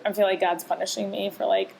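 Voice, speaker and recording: A woman's voice: medium pitch, very animated, fast talker, vocal fry, over a noisy crowd. A woman co-hosts a podcast in loose, candid chat. She talks openly and with feeling, circling back and restarting her sentences as she goes. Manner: candid, emotional, chatty with many restarts. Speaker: podcast co-host. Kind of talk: casual chat.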